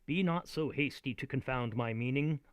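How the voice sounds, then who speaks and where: A man's voice: mid-range voice, normal speed, clear, resonant tone, dry recording, lightly acted. A man reciting the lines of a scheming king wooing a grieving queen, declaiming verse. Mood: earnest pleading.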